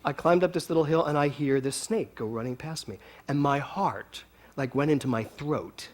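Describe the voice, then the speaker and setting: A man giving a storytelling sermon to a congregation, animated and often laughing as he talks. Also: a little high, normal speed. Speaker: speaker at a spiritual center.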